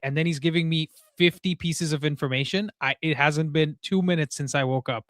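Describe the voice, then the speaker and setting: A man's voice: fairly high pitch, dry recording, clean studio sound. Casual young man hosting a football stream. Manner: animated, talks fast, says "bro" and "like" a lot. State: tired from little sleep. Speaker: host of a live call-in football show. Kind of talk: casual live-stream chat.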